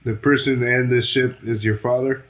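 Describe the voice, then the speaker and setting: A man playing a tabletop game, talking in a relaxed, plain and brief way. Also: mid-range voice, moderate pace. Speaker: player.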